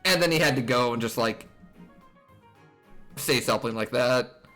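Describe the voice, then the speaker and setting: A young man streaming a game, reacting with animated, exasperated, laughing commentary. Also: medium pitch, normal speed. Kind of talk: casual let's play commentary. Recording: voice over game music.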